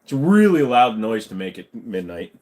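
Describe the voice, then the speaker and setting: Male streamer, casual Q&A, crude jokes and cursing, lively pitch. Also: moderate pace. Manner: crude, joking, swears freely. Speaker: livestream host.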